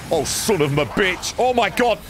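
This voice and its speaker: A man streams a horror game, chatting casually with viewers, reading their messages, bantering and swearing freely as he plays. His voice sits high and sounds animated at a normal speed, with music playing underneath.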